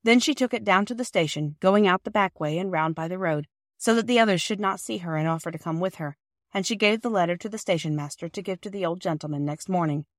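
A woman narrating a classic children's story as the podcast's reader and host, in a clear, even reading voice. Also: fairly low pitch, fast talker, dry recording, studio quality.

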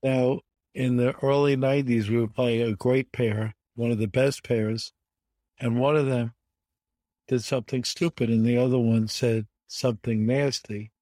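A man in his seventies from the United States, a guest telling animated stories with emphatic repetition in an interview. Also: medium pitch, moderate pace, no room sound. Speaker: guest, bridge champion. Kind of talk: conversational storytelling interview.

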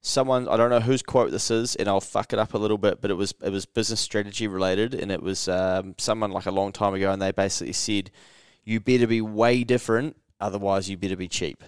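A New Zealand man telling a long anecdote on a podcast, cursing casually and jumping into character voices for the people he quotes. His voice is smooth and clear, recorded close on a dry mic. The delivery is loose and chatty. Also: fairly low pitch, fast talker, few pauses, dry recording. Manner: swears freely, acts out quotes with animated voice jumps. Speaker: podcast co-host. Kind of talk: casual storytelling chat.

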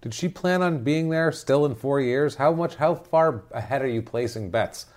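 A podcast co-host in casual talk, ranting with sarcasm and exasperation about a film. The speaker swears freely and piles up incredulous questions. The voice sits at an ordinary middle pitch. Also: expressive, moderate pace, darkish tone. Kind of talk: casual movie recap chat.

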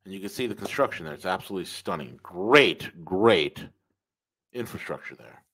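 A man's voice: sits low, expressive, normal speed, a bit bright, husky, poor audio. A man hosting a podcast, giving opinionated commentary with emphatic repetition and calling listeners folks. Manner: emphatic, repeats phrases, addresses listeners as folks. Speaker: podcast host.

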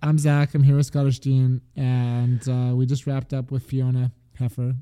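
A man's voice: mid-range voice, monotone, normal speed, mellow, smooth. A man in his thirties co-hosting a podcast, chatting casually and laughing easily. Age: 30s. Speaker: podcast co-host. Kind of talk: casual chat.

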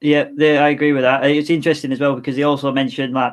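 A man co-hosting a casual podcast who talks at a fast clip. He is easygoing and agreeable, and he often jumps in to add a point. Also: a little high. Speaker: podcast co-host. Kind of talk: casual chat.

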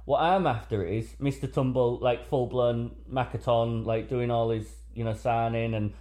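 Speaking at a moderate pace and medium pitch, this podcast co-host keeps the chat casual. He tells animated stories and laughs frequently.

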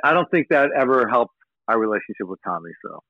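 A man's voice: mid-range voice, animated, fast, no echo. Male rocker guest, rambling profane storyteller, phone-quality dry audio. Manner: profane, rambling anecdotes with acted-out quotes. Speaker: rock musician guest. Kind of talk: casual interview storytelling. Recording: tinny phone-like line, dry.

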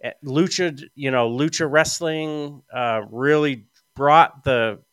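A man's voice: a little high, slow, fairly bright tone, clear, resonant tone, dry recording. A middle-aged man chatting casually on a podcast, telling long stories with lots of fillers and restarts. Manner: rambling storyteller with frequent fillers. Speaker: podcast guest. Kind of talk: casual chat.

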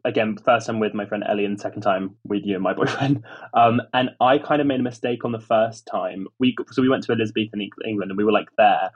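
Fast-talking husky man on a lo-fi mic. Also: lowish voice. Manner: quick, breezy storyteller. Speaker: podcast guest. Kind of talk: casual podcast chat. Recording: lo-fi muffled mic.

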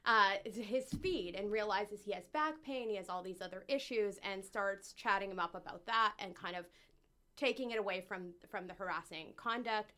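A woman's voice: medium pitch, normal speed, sharp tone. A woman with a slight lisp holds forth in casual podcast talk, blunt and opinionated. She swears often and sounds fired up about her point. Her voice sits in an ordinary middle register. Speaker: co-host candidate. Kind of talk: casual podcast chat, telling a story.

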